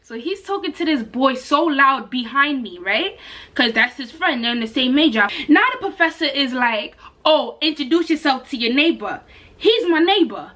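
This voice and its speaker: A young woman, telling a story casually to her camera as a vlogger, animated and slangy, acting out the voices of other people. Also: high voice, moderate pace. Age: young adult. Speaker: vlogger, exchange student.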